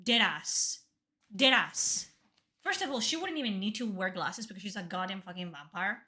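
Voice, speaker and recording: A woman's voice: medium pitch, animated, normal speed, sharp tone. A young woman streaming a game reaction, talking bluntly and emphatically with heavy swearing.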